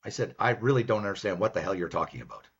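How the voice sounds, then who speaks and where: An older man with a Canadian accent, a business professor guest in an interview, telling stories in a lively, animated way. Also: sits low, racing, slightly rough. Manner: lively, animated, acts out his own past lines. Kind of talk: storytelling in an interview. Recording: dull, lo-fi sound.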